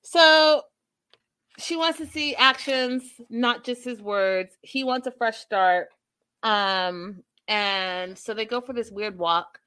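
Chatty woman recapping a reality show. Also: fairly high pitch. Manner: chatty, animated, sarcastic asides. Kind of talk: casual recap vlog.

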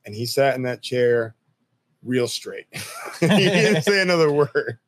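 A man in his thirties, an army veteran, telling stories in a relaxed, profane, chatty way and often breaking into laughter. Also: medium pitch, unhurried, dry recording. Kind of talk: casual storytelling interview.

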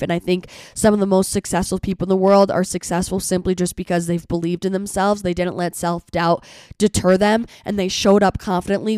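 A woman hosting her podcast in casual, chatty talk, her voice a little hoarse from being sick, with lots of "like" fillers. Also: mid-range voice, a little mellow, no echo, clean studio sound. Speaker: podcast host.

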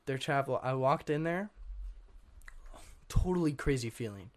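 A young man, a guest on an interview show, telling his story in a rambling, casual way, full of fillers and frequent throat clearing. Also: mid-range voice, expressive, unhurried. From Washington state. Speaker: guest artist.

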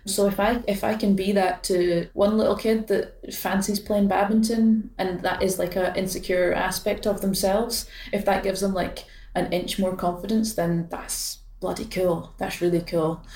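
A woman's voice: mid-range voice, flat delivery, moderate pace, few pauses, a little mellow, slight background noise. A Scottish woman in her late twenties, a badminton player speaking as a guest, talking thoughtfully with hesitations, fillers and restarts. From Scotland. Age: late 20s. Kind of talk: casual interview chat. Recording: roomy sound from a distant mic.

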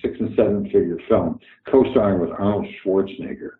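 A man's voice: low-pitched, a little fast, roomy sound, narrow, tinny audio. An older man from Canada with a Canadian accent, a guest telling candid, profane stories and acting out the dialogue. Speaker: guest actor. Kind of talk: casual interview storytelling.

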